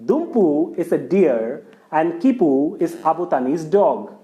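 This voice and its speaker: A man's voice: a little high, unhurried, muffled recording. A man telling a folk tale aloud, speaking straight to his listeners. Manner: lively, addresses the listener directly. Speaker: storyteller. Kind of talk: oral folk storytelling.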